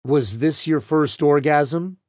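A man reading the part of a defense lawyer questioning a witness in a measured, pointed way. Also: a little high, darkish tone, no room sound, clean studio sound.

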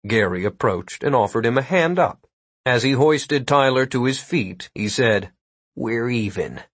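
A man narrating a comic fantasy audiobook in a steady, wry storytelling manner. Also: medium pitch, normal speed, no echo.

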